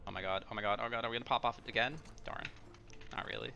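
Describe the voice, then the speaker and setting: Laid-back gravelly-voiced man. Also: mid-range voice, steady tone, fast, bright, forceful tone, dull audio. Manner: laid-back, joking, talks to chat. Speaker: speedrunner. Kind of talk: casual gameplay commentary. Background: game music.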